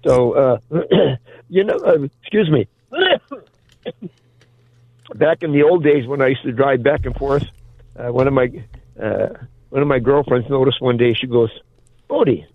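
An older man from Ohio calling in to a radio show, rambling and halting, often clearing his throat. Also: medium pitch, no echo. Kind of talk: casual chat over the phone. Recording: tinny phone line.

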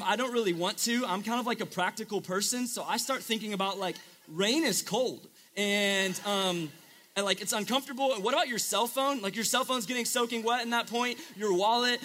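A man's voice: high-pitched, pushed and bright. A young man preaching a casual sermon to a live audience, chatty and joking with lots of filler words.

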